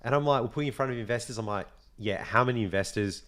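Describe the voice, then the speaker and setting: A young adult man with an Australian accent, hosting a casual podcast chat, animated and swearing freely, with a slight cold. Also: medium pitch, fast. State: has a cold. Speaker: podcast host.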